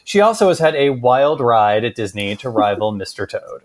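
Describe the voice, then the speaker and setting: A man from Boston co-hosting a chatty podcast, playful and animated. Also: medium pitch, moderate pace. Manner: playful, animated, slips into joke voices. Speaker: podcast co-host. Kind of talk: casual chat.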